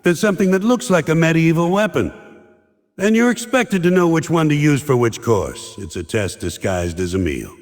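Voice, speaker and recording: A man's voice: on the high side, big pitch swings, moderate pace, in a large hall. A man performing a stand-up comedy monologue, ranting in a sarcastic, exasperated way and mocking others in put-on quotes.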